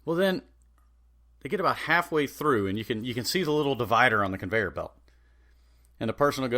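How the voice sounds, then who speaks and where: A man's voice: mid-range voice, animated, fairly quick, long pauses, pushed and bright. A man hosting a podcast, ranting sarcastically and swearing freely. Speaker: podcast host. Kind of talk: profane comedic rant.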